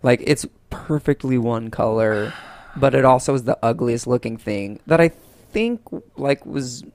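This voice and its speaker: A man's voice: mid-range voice, lively intonation, unhurried, darkish tone, no room sound. A man co-hosting a podcast, mocking a movie with a casual recap full of sarcastic jokes. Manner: joking, sarcastic, jumps into voices. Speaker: podcast co-host.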